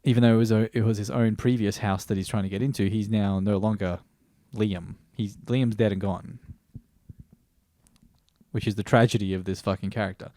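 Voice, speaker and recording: A man's voice: lowish voice, fairly even intonation, moderate pace, mellow, dry recording. A man reviewing a TV series in a rambling, stream-of-consciousness way, swearing casually and often restarting sentences. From Australia.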